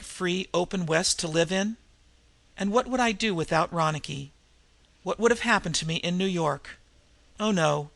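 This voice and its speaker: A man's voice: sits high, gravelly, bright, forceful tone, no room sound, exaggerated voice. A man voicing a young woman who speaks earnestly and steadily through her sadness. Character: Ruth, young woman, sad yet steady.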